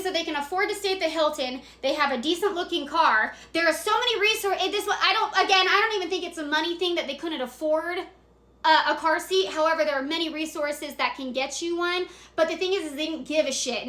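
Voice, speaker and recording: A young woman telling a dramatic story in a casual, excitable way, swearing freely and acting out the moments. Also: high-pitched, fast talker. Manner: excitable, profane, dramatic retelling. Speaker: storyteller vlogger. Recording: echoey room.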